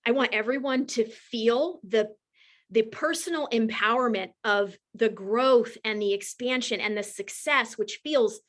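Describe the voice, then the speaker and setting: Emotional animated woman in her forties. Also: on the high side, a little slow. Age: 40s. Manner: warm, emotional, animated storyteller. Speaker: team leader speaking to a group. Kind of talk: heartfelt casual talk to an audience.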